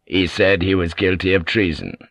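A man voicing an aging warlord in an audiobook, measured, authoritative and sly. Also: low-pitched, steady tone, fairly bright tone, no echo. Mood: scheming. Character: aging male warlord, cunning and commanding. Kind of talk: audiobook character voice.

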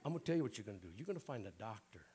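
A man, a bishop, preaching a sermon at a church prayer night in a raspy voice with folksy jokes and frequent throat clearing. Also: on the low side, very animated, rapid-fire, dark tone. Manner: folksy, joking preacher talk.

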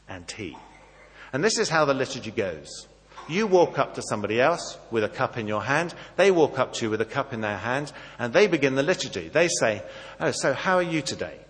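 A man preaching a sermon, acting out dialogue and swinging between soft and loud. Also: medium pitch, in a large hall. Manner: animated, acts out dialogue, varies volume widely.

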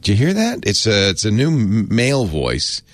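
A man's voice: on the low side, wildly swooping pitch, moderate pace, no room sound. A man hosting a casual explainer, talking in a chatty, wry way that often trails off and restarts. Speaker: host explaining a word of the day.

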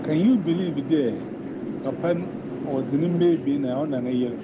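A man's voice: on the high side, unhurried. A man with a Ghanaian accent in casual chat, rambling and switching between Twi and English. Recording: dull lo-fi outdoor recording with loud noise.

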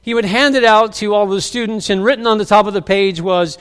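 A middle-aged man preaching from the pulpit with a high, smooth, resonant voice. He carries the congregation along as an animated storyteller, acting out the people he quotes. His words ring out with a long reverb, as in a large church hall. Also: brisk, few pauses. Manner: animated storyteller who acts out quoted lines. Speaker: pastor. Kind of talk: sermon.

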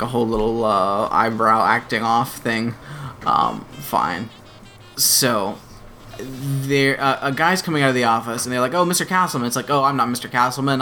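A man co-hosting a podcast, casually retelling a sitcom episode with quick voiced quotes and lots of fillers. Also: mid-range voice, pushed and bright. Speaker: podcast co-host.

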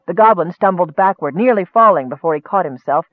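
A man narrating a fantasy story in a steady, measured audiobook reading. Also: sits high, no echo, phone-quality sound.

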